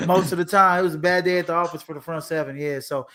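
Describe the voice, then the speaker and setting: A man's voice: fairly high pitch, steady tone, fast, crowd noise. A man co-hosting a casual sports podcast, laid-back, with many fillers and restarts and frequent laughs. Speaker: podcast co-host.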